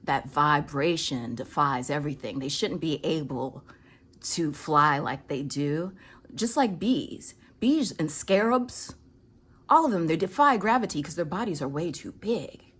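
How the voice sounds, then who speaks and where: A woman chatting casually on her patio as she films hummingbirds. She speaks softly and often drops to a whisper, then breaks into excited bursts. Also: low voice, measured pace, breathy edge. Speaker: vlogger. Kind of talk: casual chat, filming birds on her patio. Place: outdoor patio.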